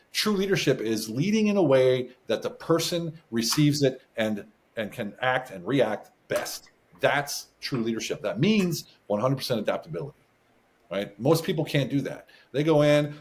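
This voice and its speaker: An American man speaking as a guest in a casual interview, telling animated stories about business and often chuckling. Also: medium pitch, normal speed. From United States. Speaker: podcast guest, business advisor.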